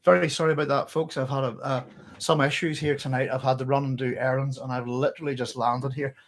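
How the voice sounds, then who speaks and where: Hosting a book club live stream, a Northern Irish man talks in a chatty, casual way, breathing a little hard and apologizing repeatedly as he cuts himself off. He speaks quickly in a medium-pitched voice that barely moves in pitch.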